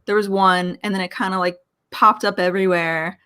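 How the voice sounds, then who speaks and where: A chatty woman from Philadelphia swaps stories as a guest, her voice sitting at an ordinary middle pitch. She acts out the other people in her anecdotes as she tells them, and she talks loosely with plenty of filler. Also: a little fast, smooth. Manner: chatty, animated anecdotes with quoted dialogue. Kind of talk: casual storytelling chat.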